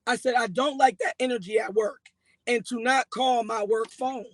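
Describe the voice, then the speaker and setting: Guy with a real high voice, dead dry sound, going over a fight line by line. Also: moderate pace, no echo, low-quality recording. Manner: animated, acts out both sides of arguments. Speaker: guest recounting a breakup. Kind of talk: emotional casual storytelling.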